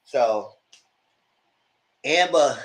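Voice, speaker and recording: A man's voice: medium pitch, drawn-out words. A man co-hosting a casual live review, chatting through a TV episode and acting out scenes. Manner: animated, reenacts scenes in quoted voices. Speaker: TV review co-host.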